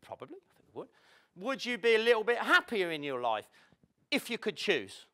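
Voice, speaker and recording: Lively high-voiced man giving a seminar. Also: a little fast. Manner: animated, playful, acts out the people he quotes. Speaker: motivational speaker. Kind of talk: live seminar talk to an audience. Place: event room with an audience.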